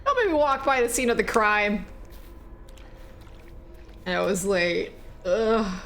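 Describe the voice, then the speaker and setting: While playing a horror game, a woman streamer gives casual, animated commentary, swearing, laughing and chatting with viewers. Her voice is mid-range and her pace slow, with slight background noise.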